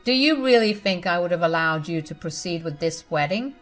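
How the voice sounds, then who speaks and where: A woman's voice: on the low side, animated, a little fast, faint music behind, natural voice. A woman voicing a controlling, patronizing middle-aged mother who talks in a cold, demanding way. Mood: scornful.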